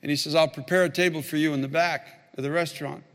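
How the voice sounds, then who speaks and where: A man's voice: a little high, fairly even intonation, quick pace, a bit bright, in a large hall. A man, a pastor, telling a story in a sermon and building to fervent, emphatic preaching.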